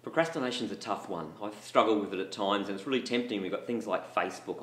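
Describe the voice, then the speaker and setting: A man's voice: on the low side, fast, hardly any pauses, a bit bright. A man talking candidly to students about procrastination and admitting his own struggles. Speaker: motivational speaker for schools. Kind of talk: talk to students. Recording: echoey room.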